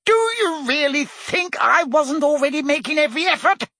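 A man voicing a flustered, defensive male wizard minister who talks rapidly and heatedly, his voice climbing when pressed. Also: high-pitched, very animated, bright, forceful tone, breathy edge, dry recording, clean studio sound, pitched above the performer's own voice, heavily acted. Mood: indignant.

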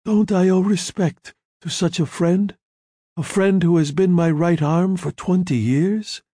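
A man voicing a short, heavy, aging crime boss with a slight Italian accent, speaking in a slow, grave, formal way. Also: high voice, dark tone, breathy edge, no echo, studio quality, pitched above the performer's own voice.

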